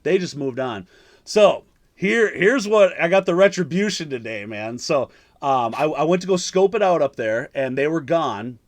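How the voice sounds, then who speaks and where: A man's voice: fairly high pitch, animated, moderate pace. Profane, rambling man telling a story. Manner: profane, rambling, lots of fillers and restarts. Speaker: podcast host. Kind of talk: casual storytelling chat.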